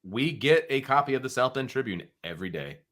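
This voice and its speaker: A man's voice: medium pitch, a little fast. A middle-aged man co-hosting a casual sports talk show, a former football coach who speaks emphatically. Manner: animated, emphatic. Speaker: co-host, former high school football coach.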